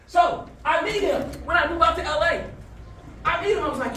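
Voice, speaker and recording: A man giving a motivational talk to students, telling stories in a lively call-and-response way. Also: very high voice, fast, a little hiss or hum. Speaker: motivational speaker. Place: school classroom. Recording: echoey room from far off.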